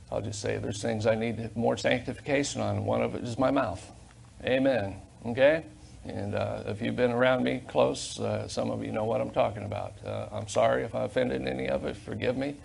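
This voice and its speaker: An older male pastor preaching in a church sanctuary on a corded mic, his voice gravelly with fry. He swings from loud fervent emphasis to soft, confiding asides, and a faint hum of room noise sits behind him. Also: medium pitch, fairly even intonation, normal speed. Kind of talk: sermon.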